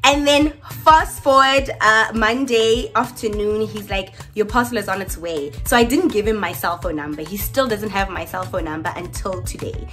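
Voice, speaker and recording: A woman telling a story to camera in a lively, chatty way and addressing her viewers directly. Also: medium pitch, normal speed, hardly any pauses, soft background music. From South Africa. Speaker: YouTuber. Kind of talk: casual storytime chat to camera.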